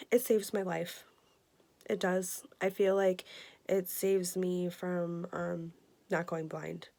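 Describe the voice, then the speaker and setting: A woman in her twenties giving an earnest, emotional personal health update, halting with many fillers. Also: lowish voice, gravelly, a little mellow. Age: 20s. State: emotional, near tears. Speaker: vlogger.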